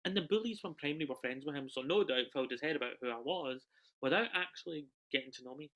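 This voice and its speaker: A young man from the UK performs an autobiographical monologue over a video call. His delivery swings between loud, charged bursts and quiet, hushed lines. His voice sits fairly high and has a bright, sharp edge. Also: fast. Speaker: solo performer.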